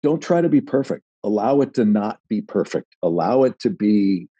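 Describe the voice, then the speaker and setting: Warm, husky-voiced man telling a story. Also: lowish voice, moderate pace, dry recording, dull audio. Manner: rambling, animated, restarts. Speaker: podcast guest, actor. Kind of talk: casual chat, storytelling.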